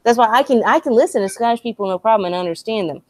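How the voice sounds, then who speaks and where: A woman co-hosting a casual gaming chat, talking freely with plenty of swearing and quick laughs. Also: a little high, darkish tone, dry recording. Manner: chatty, sweary, laughs easily. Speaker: podcast co-host.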